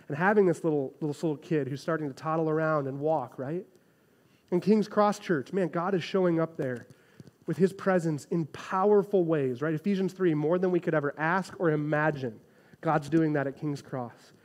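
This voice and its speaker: A man in his thirties delivers a sermon, his voice sitting a little high for a man. He preaches in an animated, conversational way, keeps checking in with his listeners, and swings between quiet moments and bursts of energy. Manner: animated, conversational preaching with frequent "right?" asides. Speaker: pastor.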